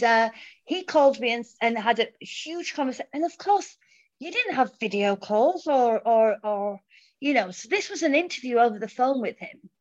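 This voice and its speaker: A middle-aged woman from England, a former dancer, telling a story in casual chat and acting out the people she quotes. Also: fairly high pitch. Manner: animated, acts out quoted voices. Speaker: guest. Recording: dull lo-fi audio.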